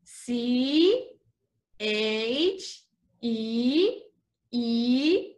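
Slow, lively teacher. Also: female voice, a little high. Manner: slow, exaggerated spelling and repetition, switching to Spanish explanations. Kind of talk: online class for young children. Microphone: video call.

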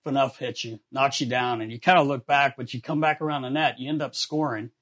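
A man hosting a podcast, a former hockey player who tells locker-room stories in an animated way and often laughs as he talks. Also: medium pitch, brisk. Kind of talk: casual storytelling chat.

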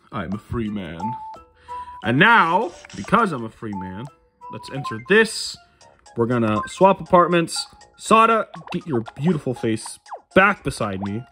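A young man giving goofy, rambling commentary while playing a life sim game on his own channel. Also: mid-range voice. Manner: goofy, rambling, self-mocking. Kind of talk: casual gameplay commentary.

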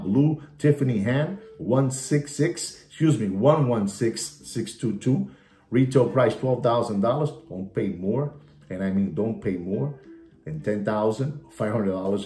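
In an echoey room with soft guitar music behind him, a man with a gravelly, slightly mellow voice gives a mocking, theatrical take on the watch market. He keeps returning to the same catchphrases and throws in Spanish asides. His pitch rises and falls dramatically as he rants.

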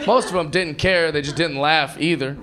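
A man performing stand-up comedy on a club stage, telling stories with animated, mocking voices and a self-assured delivery. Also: fairly high pitch, normal speed. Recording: loud crowd noise, club ambience.

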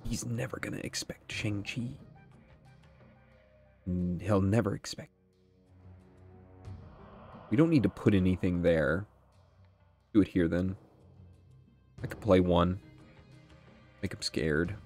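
A young man with a deep, low voice hosts a gaming channel, giving live commentary on a card game as he plays. He speaks slowly with frequent pauses, thinks aloud, and swears freely when things go wrong, with soft music faint in the background.

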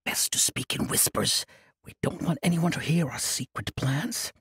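A man's voice: a little high, lively intonation, normal speed, husky, no room sound, studio quality, voice pushed up. A man voicing an eccentric, childlike old monk who speaks grandly and playfully in an audiobook. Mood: whimsical. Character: eccentric ancient male monk, childlike and mischievous.

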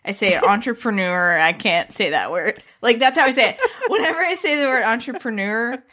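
A woman's voice: fairly high pitch, animated, a little fast, bright, forceful tone. A woman co-hosting a podcast in casual chat, playful and laughing often. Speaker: podcast co-host.

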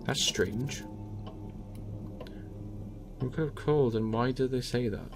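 A man playing a video game, reading its lines aloud and talking to himself with sudden loud outbursts. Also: mid-range voice, takes it slowly, over music. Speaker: gaming YouTuber. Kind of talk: let's play commentary, reading dialogue aloud.

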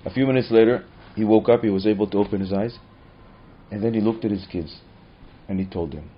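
A man's voice: on the low side, fairly quick, long pauses, slightly rough. A man teaching as a rabbi, telling a story dramatically with repeated phrases. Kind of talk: storytelling lesson. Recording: dull muffled recording.

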